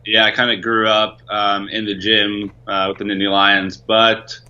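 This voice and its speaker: A man's voice: lowish voice, level tone, normal speed, sharp tone, highs cut off. A man from Rochester, New York, a company co-founder being interviewed, talking in a laid-back, understated way. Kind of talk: casual interview.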